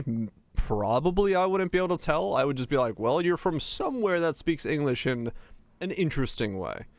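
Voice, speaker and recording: A man's voice: medium pitch, clean tone, no echo. A young man from Finland, chatting casually with his viewers while streaming a game, rambling with lots of restarts and fillers.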